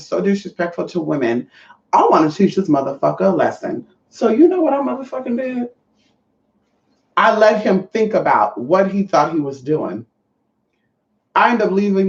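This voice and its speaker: A woman's voice: fairly low pitch, lively intonation, normal speed, gravelly. Trans woman telling a story to her viewers, sassy and cussing, calls everyone honey, echoey dull recording from a bit far off. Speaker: vlogger. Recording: echoey, distant, dull sound.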